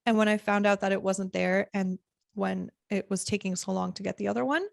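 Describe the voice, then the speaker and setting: A young woman with a gravelly edge tells a story to her podcast guest, animated and quick to act out the voices of others. The sound is close and dry, with no room around it. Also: medium pitch, no room sound. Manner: animated, acts out quoted lines with laughter. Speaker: podcast host. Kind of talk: casual storytelling chat.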